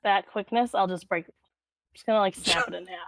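A woman's voice: medium pitch, fast talker, fairly bright tone. Blunt teasing woman player. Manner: blunt, teasing, matter-of-fact. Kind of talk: playing a tabletop role-playing game.

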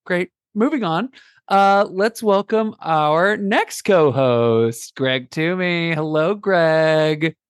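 A man's voice: high-pitched, expressive, slow, clear, resonant tone, no room sound, studio quality. A man hosting a casual podcast, playful and rambling, with many fillers. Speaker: podcast host. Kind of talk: casual chat.

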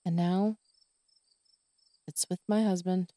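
A woman's voice: fairly low pitch, fairly even intonation, slow pace, mellow, dry recording. Exhausted woman ranting on her podcast. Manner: exasperated, swearing, tired ranting. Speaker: podcast host. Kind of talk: venting monologue.

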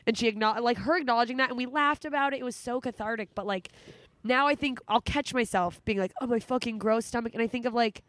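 A woman in her thirties hosts a podcast in casual chat, candid and emotional, swearing freely. Her voice sits a little high, and the sound is dry and close, with no room around it. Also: fast, fairly bright tone, no echo. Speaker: podcast host.

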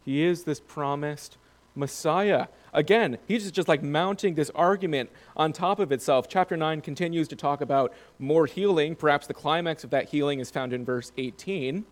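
A man's voice: a little high, moderate pace. A man preaching a Bible recap, reading scripture aloud and then asking his listeners questions.

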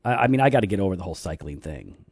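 A man co-hosting a casual theology podcast, dry and teasing, slowing down when he explains doctrine. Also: deep voice, sing-song, gravelly, darkish tone, breathy edge, no room sound. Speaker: podcast co-host.

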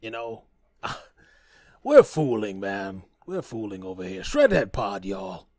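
Low-voiced rambling male podcast host. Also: big pitch swings, takes it slowly, creaky. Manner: rambling, profane and joking, many fillers and restarts. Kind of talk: casual podcast monologue.

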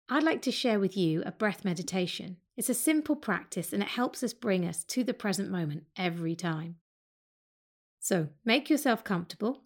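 A woman yoga teacher leads a breath meditation, her mid-range voice slow, calm and soothing.

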